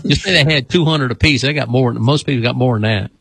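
A man's voice: mid-range voice, quick pace, gravelly, fairly bright tone, slightly rough, no echo, poor audio. A man preaching as a deliverance minister on a broadcast, repeating commands for spirits to come out in a folksy, rambling way. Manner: repetitive commanding exorcism chants.

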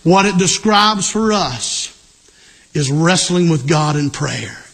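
A middle-aged male pastor preaching a sermon, emphatic, repeating key lines and rising to shouts. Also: on the high side, animated, slow.

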